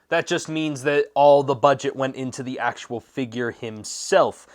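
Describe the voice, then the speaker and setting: A man's voice: mid-range voice, moderate pace. A man hosting his own channel, giving a casual, jokey review of an action figure with playful asides. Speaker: toy reviewer and channel host. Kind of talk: casual toy review commentary.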